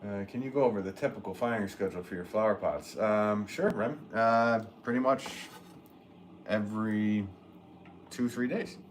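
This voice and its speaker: Low-voiced man chatting in a noisy studio. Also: moderate pace. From northwest Connecticut. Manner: relaxed, rambling, joking, chuckling often. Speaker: potter hosting a livestream. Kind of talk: casual livestream chat, reading viewer comments. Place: pottery studio.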